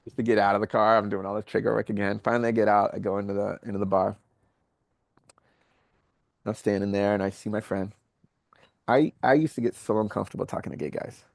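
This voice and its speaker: Gravelly-voiced New York man telling a story. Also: on the low side, fast, long pauses, no echo, studio quality. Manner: candid, animated storytelling with acted-out quotes. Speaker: podcast guest. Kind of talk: casual storytelling.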